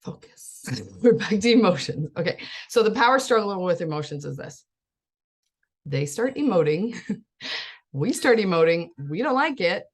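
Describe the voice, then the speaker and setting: A woman's voice: mid-range voice, animated, moderate pace, long pauses. A woman in her thirties, a life coach, giving a casual, chatty talk to parents, laughing often and acting out what people say. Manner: chatty, laughs often, acts out quoted voices.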